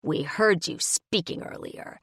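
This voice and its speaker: A woman voicing a menacing male bird-like alien soldier in an audiobook, speaking in slow, clipped demands. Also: sits low, expressive, gravelly, a bit bright, breathy edge, no echo, studio quality, full character voice.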